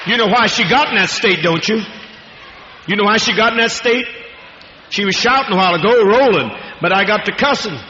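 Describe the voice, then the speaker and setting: A man's voice: high-pitched, brisk, sharp tone, a little hiss or hum. A man preaching a fiery, profane, rambling sermon to a congregation in a large hall. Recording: echoey hall, dull lo-fi archival tape.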